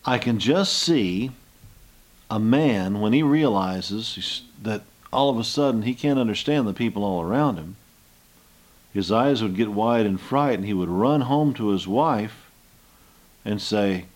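A man's voice: fairly low pitch, lively intonation, unhurried. An older man giving a Bible lesson, reading scripture and retelling the story in a folksy, storytelling way. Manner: folksy storytelling, acts out scenes with rising voice. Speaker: Bible teacher.

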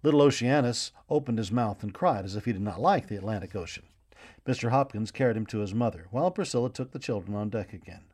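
A man narrating a children's storybook in an expressive, gently paced reading voice. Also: on the low side, fast.

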